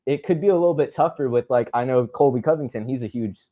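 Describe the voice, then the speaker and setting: A man's voice: medium pitch, fast talker. Rambling male podcast host, dull audio. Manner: long, rambling questions, says "like" often. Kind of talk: casual interview.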